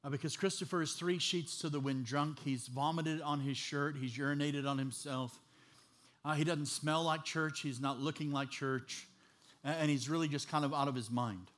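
A man preaching a sermon as an animated, humorous storyteller. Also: a little high, normal speed.

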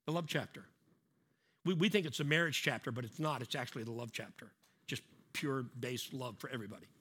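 A middle-aged pastor delivers a conversational sermon, acting out little scenes and repeating key lines for emphasis. His medium-pitched voice is a bit bright and husky, and he speaks fairly quickly.

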